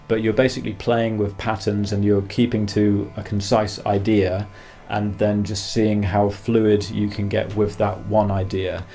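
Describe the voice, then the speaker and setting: A man giving a guitar masterclass, calmly explaining practice exercises and counting beats aloud between demonstrations. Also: fairly low pitch, creaky. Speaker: guitar teacher. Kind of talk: masterclass instruction. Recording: faint guitar music behind. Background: guitar playing.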